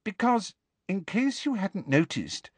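A cool, confident teenage girl, as a male reader voices her, placed high above his usual voice. She speaks pointedly and self-assuredly, in a dry, close storybook reading. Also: big pitch swings, slow pace, breathy edge, no echo, full character voice.

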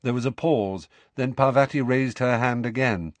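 A man narrating a storybook in an expressive, varied scripted reading. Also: mid-range voice, moderate pace, few pauses, no room sound. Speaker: audiobook narrator.

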